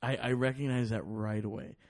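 A man's voice: medium pitch, little pitch movement, fairly quick. Profane rambling storyteller man. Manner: profane, rambling with restarts and acted-out quotes. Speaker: podcast guest. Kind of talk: casual storytelling.

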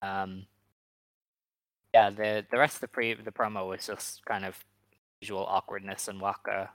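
A man's voice: on the low side, little pitch movement, a little slow, a bit bright, no room sound, rough recording. A man co-hosting a podcast in rambling casual chat, hesitant and full of filler words. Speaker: podcast co-host.

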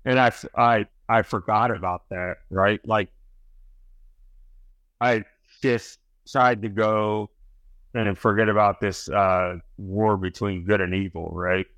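A man's voice: fairly low pitch, fairly even intonation, slow, fairly bright tone, no room sound. Profane rambling man telling a story. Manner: rambling, peppered with swearing and "right?", "bro". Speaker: podcast guest.

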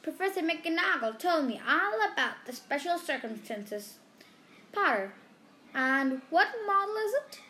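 A woman voicing a tiny, cheerful old male professor with a squeaky voice in a storybook reading. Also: very animated, measured pace, sharp tone, full character voice. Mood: cheery.

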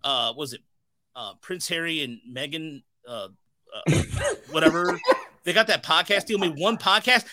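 A man's voice: on the high side, unhurried. A man hosting his podcast in casual chat, ranting with lots of swearing. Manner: profane, animated ranting. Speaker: podcast host.

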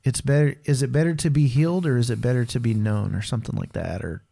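A man's voice: medium pitch, quick pace, gravelly, mellow. A man co-hosting a casual faith podcast, talking candidly and rambling, with lots of fillers like "dude" and "man.". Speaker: podcast co-host.

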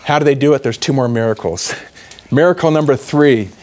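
Young male speaker, sermon-style history storytelling, lively asides. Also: mid-range voice, a little fast. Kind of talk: religious talk on history.

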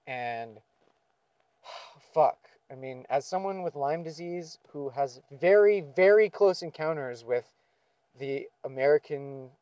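A man's voice: a little high, lively intonation, measured pace, dark tone, dry recording, dull audio. A man venting in a profane, sardonic monologue, with frequent swearing and sighs. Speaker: vlogger.

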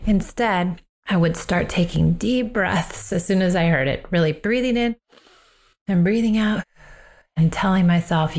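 Calm low-voiced woman parenting coach. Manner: calm, unhurried, reflective. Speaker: parenting coach and podcast host. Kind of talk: personal advice talk.

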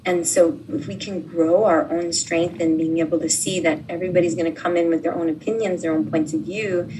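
A woman speaking as a life coach in a relaxed interview, gentle and soothing, often acting out sample dialogues. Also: on the low side, fairly quick, far from the mic, a little hiss or hum, poor audio.

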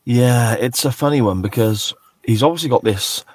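A man co-hosting a podcast, talking casually and thoughtfully about an episode, often pausing mid-phrase. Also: mid-range voice, no echo. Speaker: podcast co-host. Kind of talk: casual chat reviewing an episode.

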